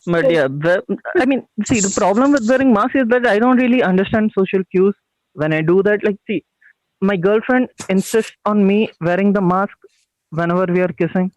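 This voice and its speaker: A man's voice: high voice, normal speed, dry recording, rough recording. A man from India, doing a chatty stand-up set over a video call. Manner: casual, chatty, with filler like "see" and "you know". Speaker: stand-up comedian.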